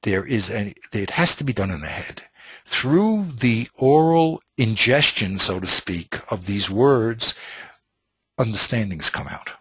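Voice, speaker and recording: A man's voice: fairly low pitch, lively intonation, unhurried, a bit bright, husky, no echo. A man teaching a Talmud class in an informal lecture style, thinking aloud with many restarts and Hebrew and Yiddish terms.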